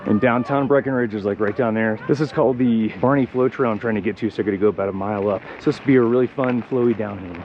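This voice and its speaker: A man's voice: lowish voice, steady tone, quick pace, few pauses, lo-fi sound. Chatty man vlogging outdoors, noisy recording. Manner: chatty and upbeat, talking to viewers while biking. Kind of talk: casual outdoor vlog narration. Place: outdoors on mountain trails at high altitude.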